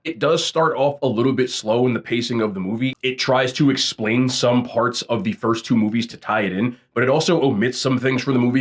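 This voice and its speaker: A man talks through a casual food review, blunt and loose with his swearing as he scores each sandwich. His voice sits at an ordinary middle pitch. The sound is close and dry, with no room around it. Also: dry recording. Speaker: food vlogger.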